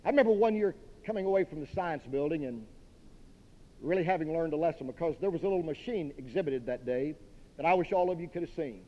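Folksy preacher in an echoing hall. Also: male voice, a little high, animated, fast talker. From Dallas, Texas. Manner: emphatic preaching, direct and folksy. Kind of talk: sermon. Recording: dull long-reverb hall recording.

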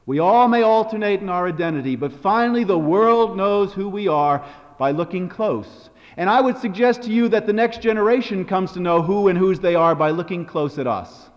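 A man with a fairly high voice delivers a sermon, moving into storytelling with a lively, expressive style. His voice rings out in a large hall with a long reverb, and the sound is dull and muffled. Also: moderate pace. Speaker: preacher.

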